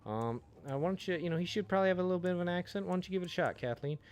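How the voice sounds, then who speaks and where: A man's voice: animated, very fast, smooth. A man doing a chatty, pushy voice director. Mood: coaxing. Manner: chatty, rambling, filler-heavy pitch. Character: eager voice director coaching an audiobook narrator.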